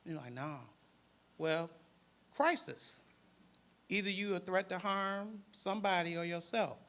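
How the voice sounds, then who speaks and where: A man's voice: high voice, unhurried, fairly bright tone. A man with a Detroit accent, a panelist and former crisis worker, telling a story in casual speech and acting out the voices of the people in it.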